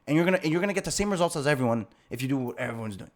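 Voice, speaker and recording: A man's voice: mid-range voice, lively intonation, racing. A young man coaching on a live call, ranting heatedly with lots of swearing, restarts and rhetorical questions. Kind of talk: profane live-call rant.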